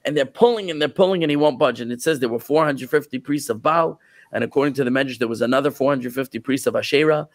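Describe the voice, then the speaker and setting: A man who is a rabbi, retelling a biblical story in an animated sermon, often repeating words as he goes. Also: medium pitch, fast, no room sound.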